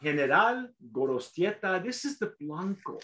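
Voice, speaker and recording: A man with a fairly high speaking voice hosts a casual tasting chat. He rambles and stops to restart his sentences as he goes. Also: sing-song, sharp tone. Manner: rambling, halting, full of restarts. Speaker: show host.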